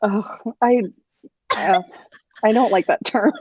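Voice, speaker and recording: A young woman guest on a pop culture podcast, rambling and animated in casual chat and swearing freely. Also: mid-range voice, slow pace, breathy edge.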